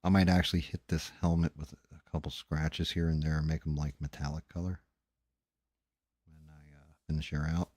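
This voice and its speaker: A man's voice: a bass voice, level tone, moderate pace, pauses often, darkish tone, no room sound, studio quality. A tired man hosting a livestream, chatting casually and profanely in a rambling, mumbling way while he paints. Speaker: livestream host.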